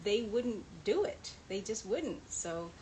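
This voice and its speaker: Woman chatting on a livestream, mid-pitch voice, lots of um and you know, faint hiss behind her. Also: animated, slow, dark tone, rough recording. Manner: chatty, reads out viewer comments, laughs often. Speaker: livestream host answering fan questions. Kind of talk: casual live chat.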